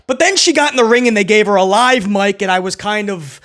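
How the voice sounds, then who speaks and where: A man's voice: high-pitched, animated, fairly quick, a bit bright. A man hosting a casual solo wrestling review, hyped and slangy, talking straight to his viewers and laughing often.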